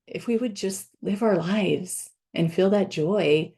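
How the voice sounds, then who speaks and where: A woman from Florida, a life coach, telling a personal story in a casual, animated way and breaking into excited laughs. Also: mid-range voice, takes it slowly.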